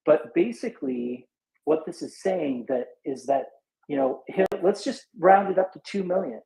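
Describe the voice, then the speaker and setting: A man with a gravelly, dark voice works through figures aloud in a relaxed, halting way, pausing and restarting often. He sounds tired after a sleepless night. The recording has a roomy echo around him. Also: on the high side. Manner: halting, thinks aloud with many fillers and restarts. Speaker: speaker in a live audio chat room. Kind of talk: casual back-of-envelope reasoning. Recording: echoey room.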